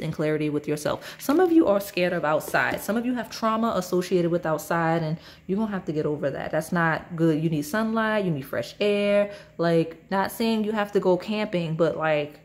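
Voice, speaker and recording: A woman's voice: lowish voice, darkish tone. A woman giving a casual pick-a-card tarot reading, talking straight to her viewers in a chatty, rambling way. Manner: chatty and rambling, many fillers and asides. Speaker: tarot reader.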